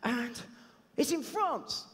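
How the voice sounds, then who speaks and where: A man relaying a ten-year-old boy's rambling description in a raised, excited voice. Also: very high-pitched, slow pace, big-room sound, voice pushed up, heavily acted. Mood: eager. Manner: rambling, breathless, repeating himself.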